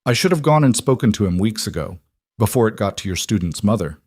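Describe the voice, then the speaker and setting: A quietly protective cowboy rancher, voiced by a man reading a story. He talks plainly and firmly, in a low, measured voice. The recording is dry and close. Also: expressive, no echo. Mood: resolved. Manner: measured, firm, plain-spoken.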